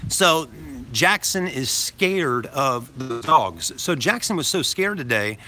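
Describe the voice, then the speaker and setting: With faint music behind him, a dad holds his phone to himself outside a grocery store and tells a meandering story to camera, adding "okay?" after each point. His medium-pitched voice is animated and sharp, though he takes it slowly.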